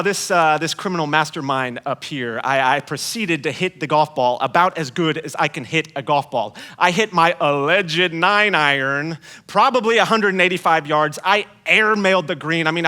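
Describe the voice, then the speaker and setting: A man preaching a sermon as a guest speaker, with a high, bright voice. He tells stories with self-mocking humor, drops to hushed asides and then lands emphatic points. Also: animated, moderate pace.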